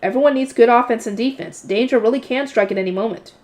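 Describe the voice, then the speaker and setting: A woman's voice: fairly high pitch, quick pace, a little mellow. Woman casually reading a novel aloud. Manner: casual reading with self-corrections and commentary. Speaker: narrator and channel host.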